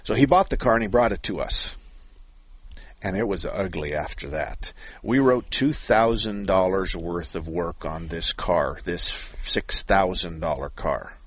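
Husky-voiced folksy radio car-repair host. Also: male voice, sits low, unhurried, no room sound. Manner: folksy, joking, rambling explanations. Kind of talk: call-in radio talk.

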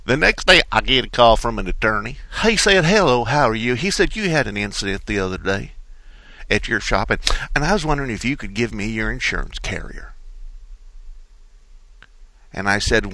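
A middle-aged man hosting a car-repair call-in radio show, telling stories with lively quoted voices. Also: a little fast, dry recording, rough recording. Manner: animated storyteller, acts out quotes with big pitch jumps. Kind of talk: talk radio monologue.

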